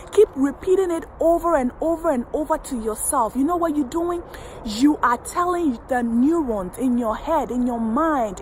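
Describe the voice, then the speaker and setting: A woman's voice: high voice, a bit bright, slight background noise, low-quality recording. A woman wellness coach giving a motivational affirmation talk straight to the viewer, with emphatic, repetitive, uplifting phrasing. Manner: speaks directly to the viewer.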